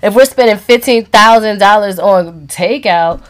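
A woman co-hosting a casual podcast chat, expressive and given to dramatic exclamations. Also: mid-range voice, a little slow. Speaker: podcast co-host.

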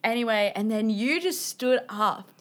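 Aussie woman in her 20s, highish voice, animated storytelling, swears heaps. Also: unhurried. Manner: animated storyteller, swears a lot, acts out quotes. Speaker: podcast co-host. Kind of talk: casual chat.

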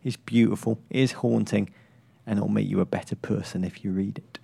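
A man co-hosting a podcast in casual comedic chat, playful and teasing, with jokes that jump up high. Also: steady tone, brisk, vocal fry, dark tone, breathy edge. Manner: playful, teasing, bursts into high jokey tones. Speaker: podcast co-host.

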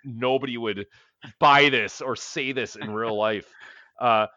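A man's voice: mid-range voice, steady tone, a little slow, sharp tone, no room sound, muffled recording. A man co-hosting a podcast, ranting in a profane, casual way about a film. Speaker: podcast co-host. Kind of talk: casual chat.

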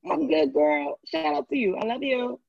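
A woman's voice: high-pitched, big pitch swings, moderate pace, vocal fry, no echo. A woman co-hosting a podcast in casual chat, teasing and joking with her friends. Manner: playful, teasing. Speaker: podcast co-host. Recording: dull, dry lo-fi sound.

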